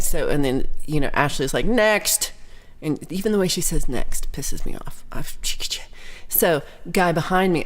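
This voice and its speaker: A woman in her thirties or forties hosting a casual livestream chat, telling ranting stories with plenty of swearing and reading out viewer comments. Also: lowish voice. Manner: animated ranting storyteller, swears freely. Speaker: livestream host.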